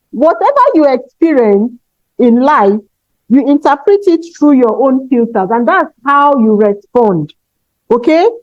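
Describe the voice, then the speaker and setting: A high-pitched woman speaks to a room of teachers, pressing each point with emphasis and checking in with a quick "okay?". The sound is dry and dull, like a lo-fi recording. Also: no room sound. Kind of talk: motivational talk.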